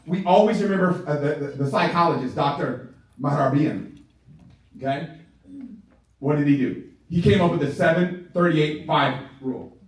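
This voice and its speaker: A man giving a live sales training talk to a group, animated, laughing often and checking in with his listeners. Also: on the high side, normal speed, long pauses. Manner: animated, keeps checking in with the audience; laughs often while talking. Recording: very echoey room, far from the mic.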